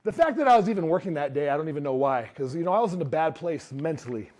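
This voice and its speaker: A man giving a motivational talk to a live audience, telling his story in an animated way and acting out what others said. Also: fairly high pitch, fast talker. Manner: animated storyteller who acts out quotes. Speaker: speaker.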